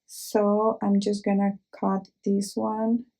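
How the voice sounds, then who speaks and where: A woman hosting a craft tutorial, explaining each step slowly and carefully with small fillers, an English speaker. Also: mid-range voice, completely flat delivery, noisy background.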